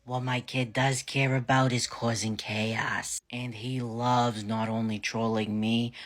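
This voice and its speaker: A man with a heavy New England accent tells funny stories from his life straight to camera. His voice is bright and forceful, and he talks bluntly, swearing freely and joking as he goes. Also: mid-range voice, level tone, slow pace. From New Hampshire. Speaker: vlogger. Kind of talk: casual storytime.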